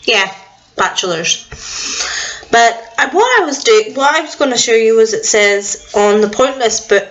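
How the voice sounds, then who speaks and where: A woman's voice: fairly high pitch, expressive, a little slow, a bit bright, dull audio. A young woman vlogging at home in casual, rambling chat, a little self-deprecating about what she can't do. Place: at home indoors.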